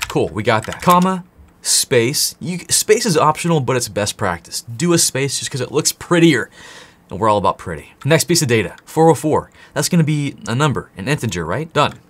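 An excitable man from the United States teaches coding, joking and talking straight to the viewer. His pitch swings widely as he goes. Keyboard typing sounds in the background. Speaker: coding instructor. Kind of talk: enthusiastic tutorial.

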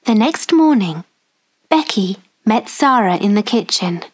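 A woman narrating a children's story slowly and carefully for English learners. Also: medium pitch, lively intonation. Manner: slow, careful, clearly spoken.

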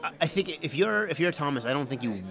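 A man commentating a tabletop game live at a convention with dry, deadpan sarcasm. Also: a little high, fast, vocal fry. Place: convention hall. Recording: crowd noise behind. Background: crowd chatter.

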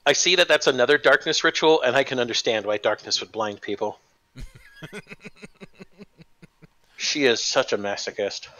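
Swearing, joking man with bright voice. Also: mid-range voice, moderate pace, long pauses, rough recording. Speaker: co-host player. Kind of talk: casual banter in a tabletop stream.

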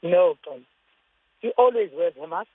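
A woman spokesperson from South Africa comes through a thin, tinny phone line, her voice husky and dry. She answers in a firm, defensive way, holding her position. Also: lowish voice, animated, unhurried, no room sound. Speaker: government spokesperson. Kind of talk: interview by phone.

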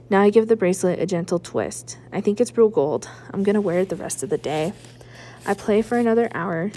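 Librarian lady reading a kids chapter book out loud, mellow warm voice, lively. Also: medium pitch, fairly quick. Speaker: school librarian reading aloud. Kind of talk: chapter book read-aloud.

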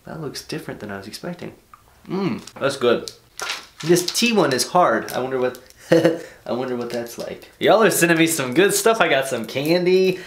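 Excitable young man opening fan mail. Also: fairly high pitch, a little slow, long pauses, echoey room, a little hiss or hum. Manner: excitable, swears casually, laughs often. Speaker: vlogger. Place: bedroom at home.

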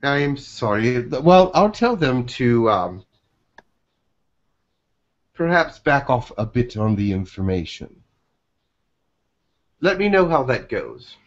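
A man channeling a gentle, reassuring human telepath from the space colonies, speaking slowly and hesitantly with many restarts, in a webinar session. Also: mid-range voice, very animated. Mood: calm. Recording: dull lo-fi webinar audio.

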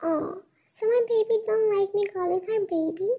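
A woman's voice: extremely high pitch, normal speed, mellow, muffled recording. A woman reading the lines of a teasing, bossy young man in a fan fiction story. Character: teasing young man, the heroine's best friend.

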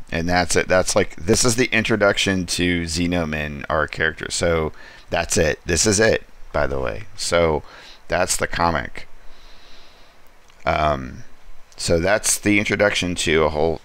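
Very deep-voiced man reviewing a comic. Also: unhurried, clean tone. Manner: relaxed, rambling, frequent ums and asides. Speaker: comic book reviewer and host. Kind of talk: casual comic review monologue.

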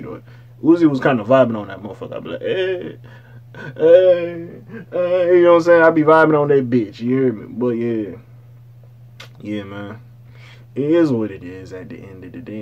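A young man giving casual, profane music commentary, ranting loosely about an album. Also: mid-range voice. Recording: slightly dull, lo-fi audio.

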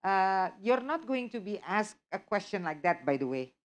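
A woman's voice: mid-range voice, very animated, moderate pace. A woman instructor, answering audience questions in a live workshop and checking often that she is understood. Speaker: test preparation instructor.

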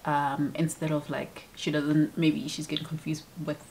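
Young woman vlogging about books, low voice, chatty w/ lots of "like", faint hum behind. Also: flat delivery, measured pace, gravelly, darkish tone, poor audio. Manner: chatty, acts out quoted lines with many fillers. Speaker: book vlogger. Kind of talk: casual chat.

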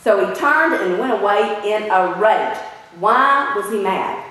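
Animated woman preaching in an echoey hall. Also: medium pitch, measured pace, distant mic. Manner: animated, asks the audience questions. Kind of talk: sermon.

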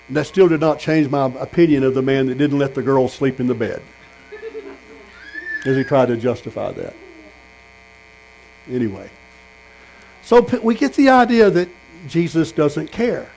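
Fairly high-voiced preacher man. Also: animated, a little slow, gravelly, long pauses, darkish tone, poor audio. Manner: storytelling, asks the congregation questions. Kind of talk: sermon. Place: tent meeting.

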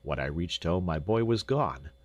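Casting: grieving old doctor, gruff and grave, very low voice, read by a male narrator. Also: animated, normal speed, no room sound. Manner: sobbing, broken, then grave.

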